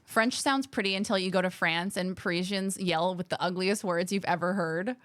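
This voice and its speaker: A woman's voice: lowish voice, normal speed, fairly bright tone. An American woman chatting playfully with viewers on a live stream, now and then slipping into mock accents. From United States. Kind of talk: casual live-stream chat.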